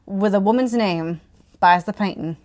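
A woman's voice: mid-range voice, normal speed, darkish tone. A woman co-hosting a laid-back book chat. She talks wryly, giggles often and lets sentences trail off. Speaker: podcast co-host. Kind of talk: casual book discussion.

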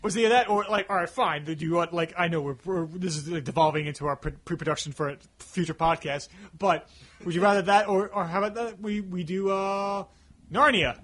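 A man hosting a casual podcast, jokey and quick with interjections. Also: sits high, fairly bright tone. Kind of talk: casual chat.

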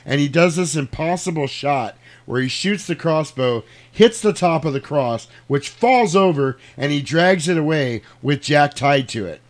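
A man's voice: a little high, measured pace, hardly any pauses. A man in casual chat, animatedly retelling a movie's plot with plenty of swearing and laughter. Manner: animated, profane, laughs while telling.

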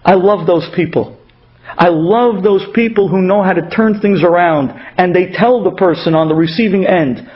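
High-voiced man telling a moral story. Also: moderate pace. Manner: animated storyteller who acts out the people in his stories. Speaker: inspirational speaker. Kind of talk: storytelling religious talk. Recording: dull lo-fi radio recording.

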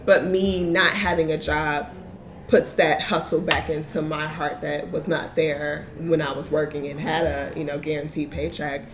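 A young woman, a small business owner, chatting casually as an interview guest, animated and laughing often. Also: low voice, normal speed, background noise.

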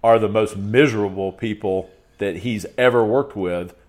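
A man's voice: fairly low pitch, normal speed, darkish tone. A man as a podcast guest in casual conversation, laying out his points in emphatic lists and checking in with "okay".

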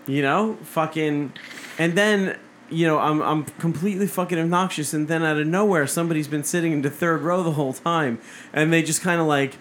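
A man's voice: on the high side, a little fast, fairly bright tone, slight background noise. Rambling, swearing man podcaster. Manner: rambling, swears a lot, trails off. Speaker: podcast co-host. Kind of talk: casual chat.

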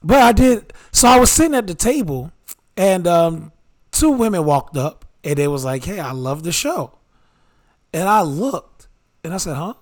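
A man's voice: high-pitched, expressive, normal speed. Laid-back man telling a story. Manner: loose, laughing storyteller with slang. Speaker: podcast co-host. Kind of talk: casual chat, storytelling.

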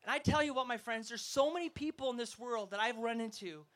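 A man's voice: very high voice, a little fast, fairly bright tone. Rousing man preaching a sermon. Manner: emphatic, rousing, storytelling delivery. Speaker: evangelist preacher. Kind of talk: festival sermon.

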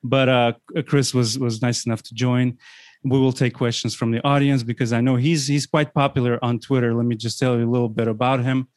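A man's voice: mid-range voice, flat delivery, a little fast, darkish tone, dry recording, clean studio sound. A man hosting a sports podcast, talking in a casual, rambling way with many restarts. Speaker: podcast host. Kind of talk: casual chat.

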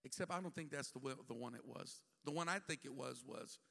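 A man's voice: mid-range voice, a little fast, creaky, bright, forceful tone. A male bishop preaching a sermon, telling the story with humor and acting out the scenes. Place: church sanctuary. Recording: long church hall reverb.

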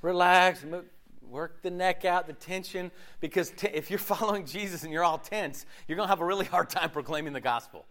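A man leading a sermon discussion, animated, laughing often and acting out little voices as he talks. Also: high-pitched, fairly quick. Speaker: pastor.

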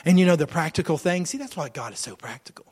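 Middle-aged guy pastor preaching, highish voice, acts out voices, loud then quiet. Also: fast talker, breathy edge. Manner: animated preaching with acted-out voices and swings from loud to hushed. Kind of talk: sermon.

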